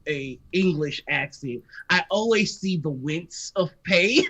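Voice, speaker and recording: A woman's voice: fairly low pitch, animated, slow, a bit bright, husky. An American woman hosting a live stream, chatting casually, laughing often and stammering. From United States. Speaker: stream host. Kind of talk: casual chat.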